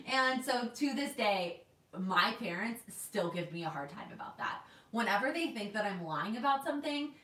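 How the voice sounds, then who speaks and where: She's a planner vlogger in her twenties, from Texas but livestreaming at home in New York, reading viewer comments aloud in a chatty way and restarting often. The pitch is fairly low and the tone fairly bright, heard from a distant mic in a reverberant room.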